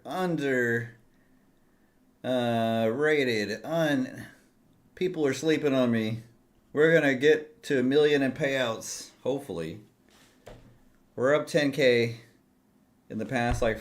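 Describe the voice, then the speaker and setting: A middle-aged man chatting casually on a livestream, rambling and jokey as he talks straight to his viewers. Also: medium pitch. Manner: self-deprecating, jokey. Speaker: livestreaming futures trader.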